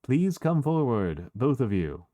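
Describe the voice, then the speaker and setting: A man voicing a gentle, polite young monster prince who speaks softly and formally. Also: medium pitch, sing-song, unhurried, dry recording. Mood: courteous. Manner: soft, courteous, formal.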